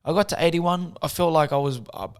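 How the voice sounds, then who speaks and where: A soft-spoken young man, telling his story in a casual interview. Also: fairly high pitch, brisk, clear, resonant tone. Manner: soft-spoken, chatty, acts out quotes with slang. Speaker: guest, boxer.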